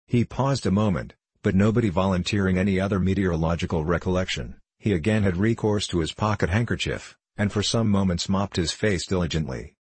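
A man reads a story aloud in a measured, formal manner. His voice sits very low with a husky grain, and the recording is close and dry with no room sound. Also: darkish tone, no room sound. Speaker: narrator. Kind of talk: audiobook narration.

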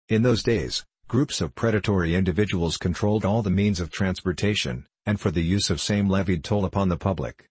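A man reading a novel aloud as narrator in a measured storytelling manner. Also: low voice, a little mellow, husky, dry recording. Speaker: audiobook reader. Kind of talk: scripted narration.

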